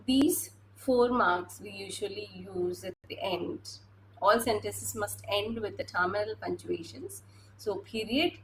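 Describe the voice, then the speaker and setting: A woman's voice: mid-range voice, fairly bright tone, slight background noise, low-quality recording. A woman teacher giving a classroom lecture, hesitant, with many fillers and restarts.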